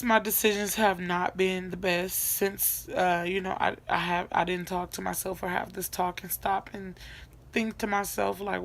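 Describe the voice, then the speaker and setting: Young woman, casual vlog chat, slow unhurried talk, gravelly vocal fry, rambling with fillers. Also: medium pitch, slight background noise. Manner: chatty, repeats herself, many fillers. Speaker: vlogger. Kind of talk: casual get-to-know-me vlog. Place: her bedroom, in bed at night.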